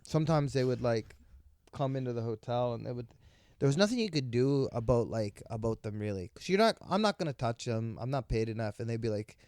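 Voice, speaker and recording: A man tells a story in loose, halting sentences, often starting a line over before he finds it. His voice sits at an ordinary middle pitch. The mic is close and dry, with no room sound. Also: lively intonation, darkish tone, no echo. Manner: rambling, many restarts. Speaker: podcast guest, comedian. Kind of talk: casual storytelling.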